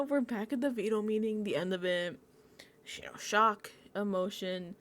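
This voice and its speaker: A woman doing casual recap commentary on her vlog, animated and profane and laughing often. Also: mid-range voice, moderate pace. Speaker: reality TV recap vlogger.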